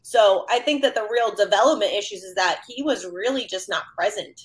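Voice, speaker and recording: A woman joins a casual panel discussion and talks in an animated rush. She piles up quick asides and fillers as her thoughts run on. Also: mid-range voice. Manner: animated, rapid asides with many "like"s. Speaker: counselor panelist.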